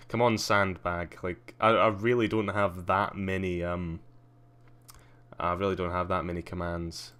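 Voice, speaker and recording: Deep-voiced Scottish man with a posh tinge. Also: flat delivery, unhurried, fairly bright tone, smooth. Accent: Scottish with a slight posh English tinge. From Scotland. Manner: chatty, dry, self-mocking. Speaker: streamer. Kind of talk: casual livestream commentary.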